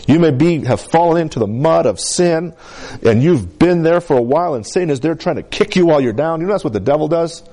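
A pastor with a San Luis Valley, Colorado accent preaches a sermon, often asking the congregation "Amen?" He swings between emphatic highs and soft asides.

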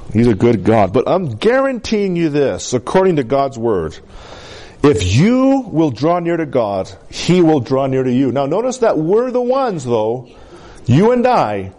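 Lively-voiced preacher with a Colorado valley accent. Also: male voice. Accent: San Luis Valley, Colorado. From San Luis Valley, Colorado. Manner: preaching with frequent "Amen?" calls to the congregation; swinging between emphatic highs and soft low asides. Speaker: pastor. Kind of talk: sermon.

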